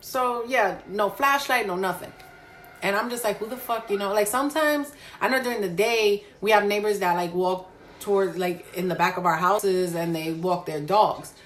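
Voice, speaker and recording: A woman in her thirties recounts a scary night at home in a relaxed, chatty storytime. She swears constantly and keeps the telling animated. Her pitch sits in an ordinary middle range. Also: normal speed, slight background noise. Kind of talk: casual storytime.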